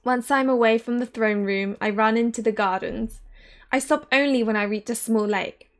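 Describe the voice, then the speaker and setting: A woman in her thirties, excitably reading a visual novel aloud and reacting with giggles. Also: fairly high pitch, normal speed. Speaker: game streamer.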